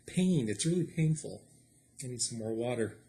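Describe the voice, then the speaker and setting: A man vlogging a personal story in a casual, animated way, acting out his own quotes and laughing often. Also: mid-range voice, moderate pace.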